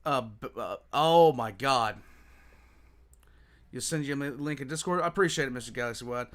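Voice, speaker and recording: A man's voice: mid-range voice, moderate pace, pauses often, fairly bright tone. A man hosting a casual reaction livestream, exclaiming a lot and chatting with viewers.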